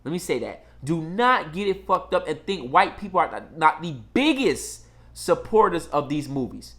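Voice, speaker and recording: A man's voice: a little high, big pitch swings, moderate pace, fairly bright tone. A man delivering a casual monologue in a blunt, emphatic, repetitive way. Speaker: commentator.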